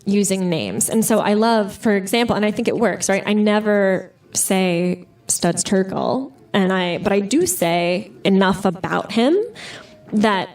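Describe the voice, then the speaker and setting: A woman author talks through her stories with quick, lively energy, scattering "like" and "you know" as she goes. Her voice sits at a middle pitch. The mic sits some way off in a bookstore with an audience. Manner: animated storyteller, full of "like" and "you know". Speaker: author guest. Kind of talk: live interview conversation. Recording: distant mic at live event.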